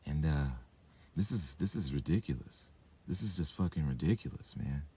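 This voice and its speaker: Brief: young man, deep dark husky voice, meandering profane rant, lots of "like" and "uh", talks while drinking and smoking. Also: lively intonation, normal speed. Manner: meandering, profane, filler-heavy. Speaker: vlogger. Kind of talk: rambling monologue rant.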